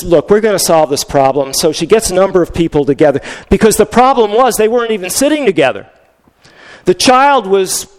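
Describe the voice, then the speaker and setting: An older male pastor telling a story in a conversational sermon, with frequent restarts. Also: sits high.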